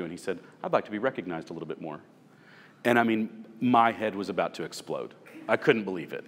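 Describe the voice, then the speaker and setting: A man's voice: fairly low pitch, lively intonation, a little fast, fairly bright tone, long reverb tail. A man leading a supervisory training session, telling stories from his own work and asking the group rhetorical questions. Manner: conversational, story-driven, asks rhetorical questions. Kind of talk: workplace training talk.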